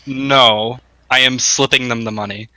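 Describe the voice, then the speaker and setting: A man's voice: medium pitch, fairly even intonation, a little slow, sharp tone, no echo, low-quality recording. A man playing a tabletop game, speaking in a plain, matter-of-fact way. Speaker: player. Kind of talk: tabletop role-play.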